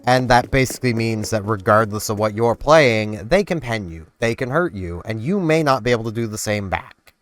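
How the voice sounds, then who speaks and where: A man's voice: on the low side, expressive, normal speed, fairly bright tone, no echo. A man hosting his own gaming channel, rambling casually and loosely as he plays. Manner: rambling, loose, filler-heavy. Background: game music.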